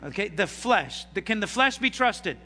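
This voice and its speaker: A pastor with a bright, high voice preaches a sermon, drawing his congregation into call-and-response and swinging between loud bursts and hushed lines, very animated at a moderate pace. His voice rings through a reverberant church hall over a faint hum.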